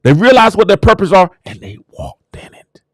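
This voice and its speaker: A man's voice: high voice, wildly swooping pitch, normal speed, no room sound, studio quality. A man hosting his own show, talking in a casual motivational monologue that turns preachy and exclamatory as he hypes himself up. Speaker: show host.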